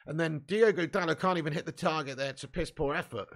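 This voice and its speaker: A man hosting a live fan watch-along, commentating excitably, swearing freely and shouting at chances. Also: a little high, quick pace, gravelly.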